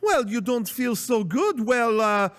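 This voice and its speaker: A woman's voice: fairly high pitch, very animated, measured pace, pitched above the performer's own voice. A man imitating a fussy female store manager with a French accent. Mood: demanding.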